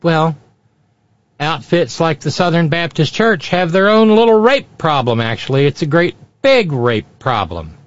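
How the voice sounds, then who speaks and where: A man's voice: a little high, very animated, a little slow, dry recording. A man hosting a sarcastic political commentary show, with mocking asides. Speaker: host. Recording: dry, dull lo-fi sound.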